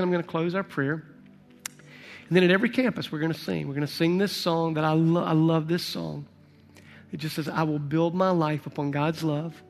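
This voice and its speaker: A man's voice: a little high, creaky. A man preaching a sermon as a pastor and leading prayer, earnest and emphatic, repeating his phrases. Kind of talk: sermon with altar call and prayer. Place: large church auditorium. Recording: long hall reverb.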